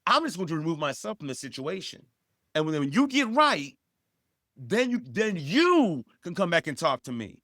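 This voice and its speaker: A man's voice: a little high, sing-song, normal speed, pushed and bright, no echo, studio quality. A man co-hosting a podcast, giving emphatic, repetitive advice that rises sharply when he stresses a point. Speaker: podcast co-host.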